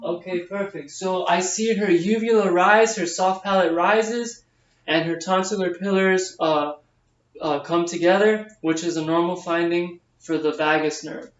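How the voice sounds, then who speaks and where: A man's voice: sits high, steady tone, unhurried. A man, a nursing student, talking through a head-to-toe physical exam step by step, with frequent fillers. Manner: explains each step aloud, with frequent fillers. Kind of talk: narrated physical exam demonstration. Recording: distant, echoey, dull camera audio.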